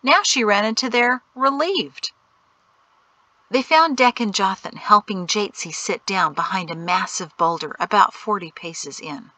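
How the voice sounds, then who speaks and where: Woman reading an audiobook, bright clear voice, dry close sound, steady storytelling. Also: mid-range voice, dry recording. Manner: measured storytelling, softening to hushed whispers. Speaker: audiobook narrator. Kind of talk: scripted narration.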